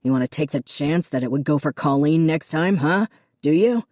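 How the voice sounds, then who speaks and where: A woman's voice: deep voice, moderate pace, darkish tone, dry recording, studio quality. A woman reading an audiobook, voicing a stern father who snaps and snarls at others. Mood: harsh. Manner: snapping, cold. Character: stern wealthy father, curt and harsh.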